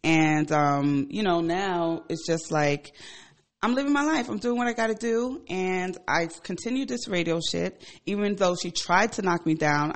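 A woman in her forties, a radio show host, telling a personal story in a casual, animated and profane way. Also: creaky. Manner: animated and profane, with emphatic swings in pitch and loudness.

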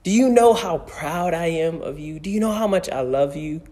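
A man's voice: on the high side, moderate pace, warm tone, close to an everyday voice. A man voicing an affectionate husband and father who greets his family with delighted, doting exclamations.

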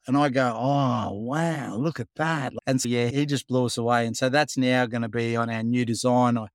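A man's voice: mid-range voice, no room sound, clean studio sound. An Australian man, the founder of a program, telling a story in a casual interview, acting out the dialogue with plenty of life. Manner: animated storyteller, acts out dialogue, says "mate".

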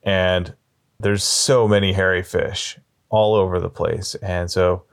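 A man telling long shaggy-dog jokes in a deadpan way, slowing down and pausing as he builds them up. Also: sits low, gravelly. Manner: deadpan, drawn-out storytelling with slow pauses. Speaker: storyteller.

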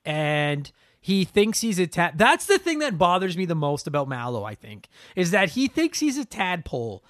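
A man's voice: sits high, sing-song, moderate pace, fairly bright tone, no echo, studio quality. A man co-hosting a casual gaming podcast, ranting in a profane, exaggerated way. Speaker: podcast co-host.

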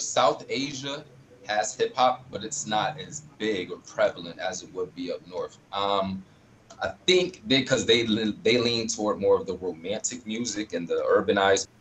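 A man's voice: fairly low pitch, a bit bright, slight background noise, rough recording. Laid-back, slangy man on a video call. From Rochester, New York. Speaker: guest. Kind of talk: casual video call interview.

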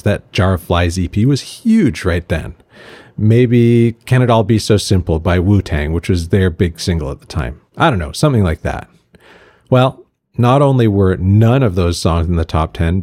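A man's voice: sits low, darkish tone. A middle-aged man hosting a podcast, talking through a casual scripted monologue with wry, sarcastic asides. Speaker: podcast host.

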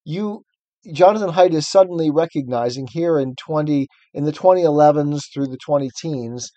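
A man's voice: a little high, moderate pace, mellow, dry recording, dull audio. A man co-hosting a podcast, talking through a book in an earnest, explanatory way. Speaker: podcast co-host. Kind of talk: casual book discussion.

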